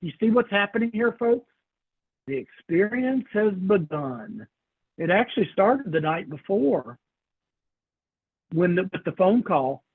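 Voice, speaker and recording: A man's voice: high voice, unhurried, pauses often, husky, dry recording, phone-quality sound. A man telling a story to an audience, acting out the voices of the people in it. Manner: animated storyteller, acts out quoted voices. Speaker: keynote speaker. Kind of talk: storytelling keynote talk.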